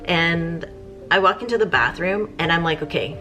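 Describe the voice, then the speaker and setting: A woman, chatting casually and rambling as a vlogger, with soft music behind. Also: on the low side, normal speed. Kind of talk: casual chat.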